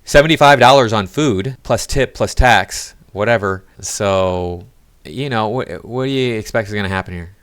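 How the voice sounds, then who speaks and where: A man's voice: on the low side, moderate pace, a bit bright, clear, resonant tone, dry recording. A man giving sarcastic, mocking commentary on video clips. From United States. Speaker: reaction commentator. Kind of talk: critical commentary over clips.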